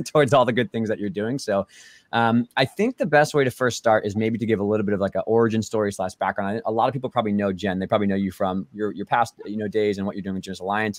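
A man's voice: on the low side, dry recording. A man hosting a podcast over a video call, upbeat and chatty, laughing often and filling with "like" and "um". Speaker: podcast host. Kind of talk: casual podcast interview.

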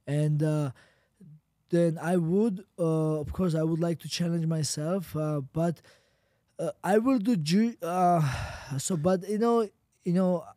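A Georgian-accented man in his thirties tells fight stories in halting, broken English. His voice sits high but mellow, and he swears freely. The sound is close and dry. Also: dry recording. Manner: halting broken English, swears a lot, acts out heckler quotes. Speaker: guest fighter. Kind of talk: casual interview.

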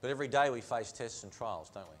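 A man's voice: mid-range voice, animated, fast. A male pastor preaching a sermon in a church, earnest, with repeated phrases and rhetorical questions. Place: church sanctuary.

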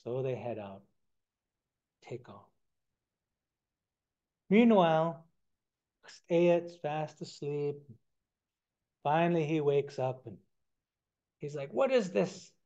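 A man retelling a traditional story in a relaxed, conversational way during a talk, on a dull lo-fi recording. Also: on the high side, slow pace, long pauses. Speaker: storyteller and science lecturer.

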